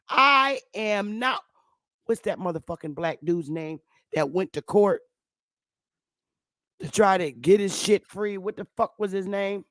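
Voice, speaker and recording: A woman's voice: medium pitch, a little mellow, no room sound, studio quality. A woman talking straight to the camera in a casual monologue, blunt, heavy on profanity and emphatic. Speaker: online commentator.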